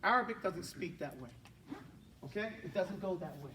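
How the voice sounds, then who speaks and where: A man's voice: high voice, animated, bright, forceful tone, distant mic, slight background noise. A man teaching a Quran class, correcting pronunciation and having students repeat sounds after him again and again. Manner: corrective, repeats drills and models sounds slowly. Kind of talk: classroom recitation and pronunciation drill. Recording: echoey classroom from afar with class audible.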